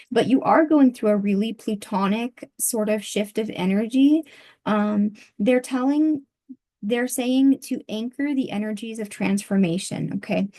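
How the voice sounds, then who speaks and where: A woman reads tarot aloud as if receiving messages, pausing often and filling the gaps with soft fillers. Her voice sounds a bit worn after a long session, and her pitch sits in a middle range. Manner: soft, halting, with many pauses and fillers. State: losing her voice. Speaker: tarot reader. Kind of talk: channeled tarot reading.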